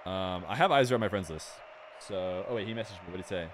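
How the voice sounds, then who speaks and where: A young man streaming a game and chatting casually with his viewers in a relaxed, rambling way. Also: low-pitched, quick pace, noisy background. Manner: relaxed, rambling, talks straight to chat. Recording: music playing clearly behind the voice.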